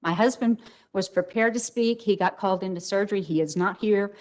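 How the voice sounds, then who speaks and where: A woman's voice: mid-range voice, a little fast, low-quality recording. An older woman speaking as a resident at a public hearing, emotional and emphatic. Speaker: resident giving public comment.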